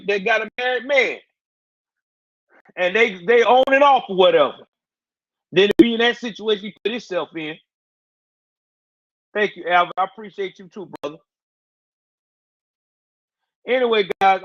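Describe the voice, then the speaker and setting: A man's voice: high voice, brisk, a bit bright, dry recording, muffled recording. A man hosting a casual livestream, talking in loose slang and answering his viewers' chat. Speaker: livestream host.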